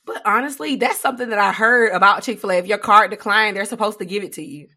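A woman co-hosting a casual podcast chat, telling stories in an animated, slangy way with quick asides. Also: medium pitch. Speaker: podcast co-host.

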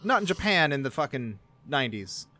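A man's voice: mid-range voice, very animated, fairly quick, sharp tone, slight background noise. Sardonic man swearing in casual chat. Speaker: podcast co-host.

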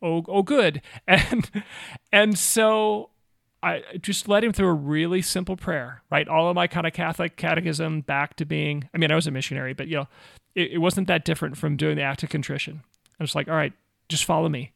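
A man in his forties, a former missionary, telling a personal story in a casual, animated way with self-mocking asides. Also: fairly high pitch, brisk, vocal fry, no echo, studio quality.

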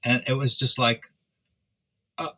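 A man in his seventies, a guest instrument restorer, telling his story in a rambling, halting way. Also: medium pitch, fairly even intonation, pushed and bright, breathy edge. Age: 70s. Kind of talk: casual interview chat.

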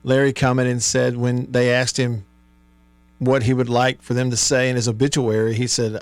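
Male radio sports host, mid-pitched, reads listener comments with frequent chuckles, dry studio sound, faint hum. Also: fairly even intonation, takes it slowly, pauses often, no room sound. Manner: reads listener texts aloud, chuckling often. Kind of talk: casual call-in radio chat. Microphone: studio microphone.

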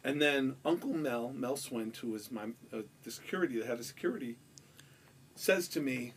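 A man from Queens with a New York accent, telling a story on a podcast in an animated, profane way and acting out the quotes. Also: medium pitch, moderate pace, distant mic, a little hiss or hum. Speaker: podcast guest. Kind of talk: casual storytelling.

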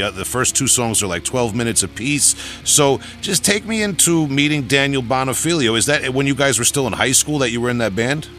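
A man's voice: mid-range voice, pushed and bright. A man hosting a metal podcast, asking chatty, enthusiastic interview questions. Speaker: podcast host. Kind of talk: casual interview.

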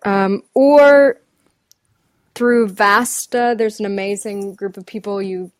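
A woman's voice: medium pitch, fairly even intonation, slow. A woman who works as a dialect coach, chatting in an interview, thinking aloud and laughing between phrases. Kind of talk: casual interview chat.

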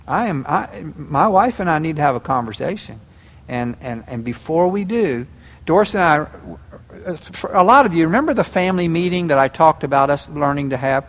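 A man's voice: fairly high pitch, animated, normal speed, long reverb tail. An older man preaching a sermon as a pastor, telling stories and acting out prayers and quotes with animation.

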